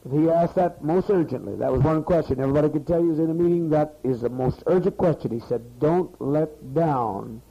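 Talking fast with hardly any pauses, this man leads a community meeting, berating the gathered people in a rambling, profane speech. The voice is fairly high and mellow, and the archival tape sounds muffled.

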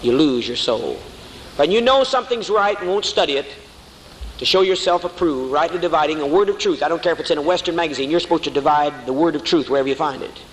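A man's voice: on the high side, quick pace. Fiery preacher man in an echoey hall. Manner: fiery, mocking, calls listeners honey. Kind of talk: sermon. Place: church hall before a congregation. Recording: echoey hall with faint noise.

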